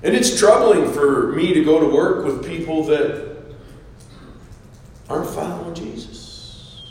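A man's voice: a little high, normal speed, slight background noise. Preacher man in an echoey hall. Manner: swings from hushed scripture quotes to loud emphatic asides. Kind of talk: sermon. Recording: echoey hall with faint ambience.

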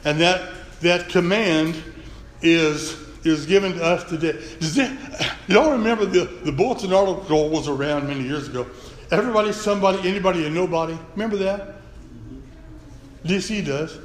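A man's voice: sits high, normal speed. A man preaching a folksy, earnest sermon to his congregation. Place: church sanctuary. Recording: echoey church hall, faint room noise.

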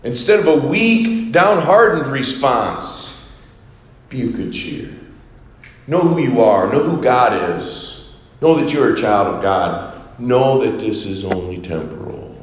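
A man preaching a Sunday sermon as pastor, swinging from soaring exhortations to hushed, quiet lines. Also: mid-range voice, expressive, slow. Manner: preaching with sweeping rises and hushed drops. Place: church sanctuary. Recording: echoey reverberant hall.

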